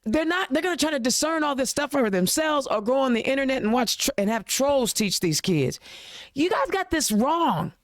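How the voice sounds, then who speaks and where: A woman's voice: sits high, big pitch swings, normal speed, dry recording, clean studio sound. A woman from Indiana hosting a political podcast, ranting emphatically with rhetorical questions and casual slang, then reading sponsor plugs and introducing her guests. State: a little choked up. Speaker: podcast host. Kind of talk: impassioned political rant and show hosting.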